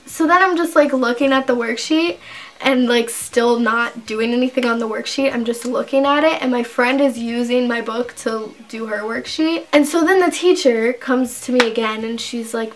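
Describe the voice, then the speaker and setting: Chatty young woman with a high voice. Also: moderate pace. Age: young adult. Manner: chatty, rambling, heavy use of "like". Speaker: beauty vlogger. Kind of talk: casual storytime vlog.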